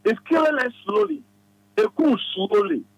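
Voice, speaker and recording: A man's voice: extremely high pitch, big pitch swings, normal speed, vocal fry, dry recording, poor audio. A Ghanaian man giving advice as a radio studio guest, talking emphatically and repeating his phrases like a preacher.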